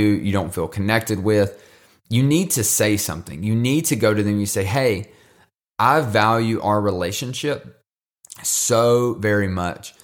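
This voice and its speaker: A man hosting a devotional podcast, talking casually and earnestly, encouraging listeners and often repeating words as he goes. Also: lowish voice. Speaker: podcast host.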